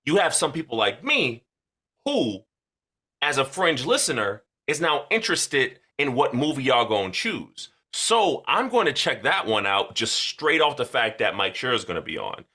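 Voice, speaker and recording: A man's voice: mid-range voice, big pitch swings, normal speed, pushed and bright, breathy edge. A man co-hosting a podcast in casual chat, loose, slangy and joking. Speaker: podcast co-host.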